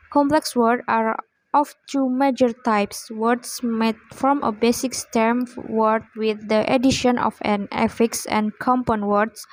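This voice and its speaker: A young woman reading a class presentation in a slow, measured way with pauses. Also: on the high side, low-quality recording. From Indonesia. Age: young adult. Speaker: student presenter.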